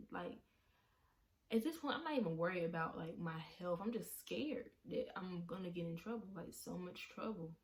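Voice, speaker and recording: A woman vlogger telling an emotional story. She talks haltingly, with many fillers and restarts, and sounds shaken as she relives a frightening event. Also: fairly low pitch.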